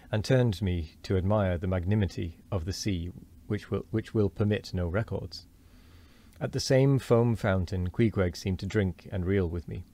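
Deep-voiced man reading a novel aloud. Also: mellow. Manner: earnest reading with frequent stumbles and self-corrections.

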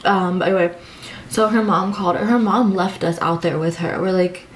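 A woman's voice: lowish voice, fairly even intonation, normal speed, a little hiss or hum, low-quality recording. A young adult woman chatting casually for a food vlog, telling a rambling story full of fillers. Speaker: food vlogger. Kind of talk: casual eating vlog chat.

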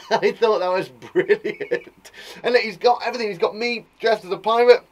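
A young English man teaching young children, bubbly and animated as he reads out their work. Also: high-pitched, moderate pace. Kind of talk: lively children's lesson.

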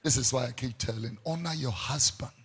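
Gravelly preacher man. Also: mid-range voice, brisk. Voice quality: gravelly, very husky. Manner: animated preaching, switches between English and Pidgin, bursts into shouts and song. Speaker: pastor. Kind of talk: sermon.

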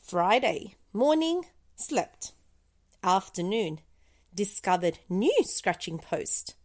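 A woman reads a children's picture book aloud at an unhurried pace. Her voice sweeps high and low, playful and expressive, with deliberate pauses between short phrases. It is a clear bedtime storytelling read.

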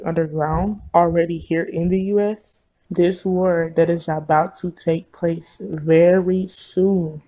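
Slow, mellow woman giving a solemn prophecy. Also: fairly low pitch. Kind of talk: prophetic testimony.

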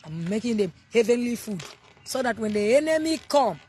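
A woman from southern Africa preaching casually on a live stream, exuberant and loud in bursts, greeting viewers by name. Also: fairly high pitch, sing-song, moderate pace, a little hiss or hum.

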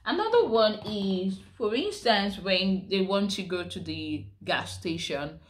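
A woman's voice: mid-range voice, lively intonation, a little slow. A woman from Nigeria chatting casually in a vlog, explaining slang while she does her makeup. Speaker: vlogger.

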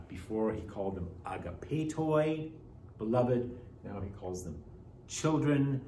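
A man's voice: animated, measured pace, warm tone, distant mic. A man teaching a Greek class, explaining grammar step by step and asking rhetorical questions. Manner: explanatory, rhetorical questions, pitch rising and falling widely. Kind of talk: classroom lecture. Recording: echoey classroom, speaker off-mic, faint hiss.

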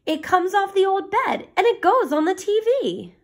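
Brief: woman playing little cartoon cats, squeaky, excitable, shouty. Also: moderate pace. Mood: excited. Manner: excited, shouting sing-song. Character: eager tiny male cats, small and busy. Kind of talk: children's storybook read-aloud.

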